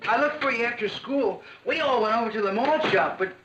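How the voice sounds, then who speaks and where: An earnest, jealous teenage boyfriend who speaks awkwardly in a high, bright voice. The sound is muffled old TV audio with faint music behind him. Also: male voice, expressive, brisk. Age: teen. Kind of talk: 1960s sitcom acting.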